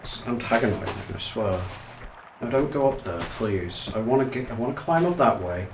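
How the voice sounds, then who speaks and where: A man's voice: mid-range voice, animated, normal speed, echoey room, background noise. Winded man streaming a game. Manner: chatty, self-mocking, swears, reads chat aloud. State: out of breath, legs tired. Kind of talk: live gameplay commentary.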